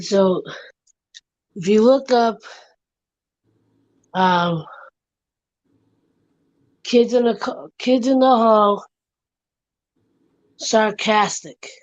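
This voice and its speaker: A woman's voice: medium pitch, extremely slow, long pauses, no echo, dull audio. A woman hosting a casual livestream chat from her home room, telling stories in a rambling, giggly way.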